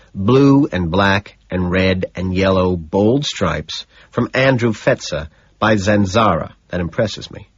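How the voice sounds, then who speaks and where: Male first-person audiobook narrator, measured and detached; husky voice, dull lo-fi recording. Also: fairly low pitch.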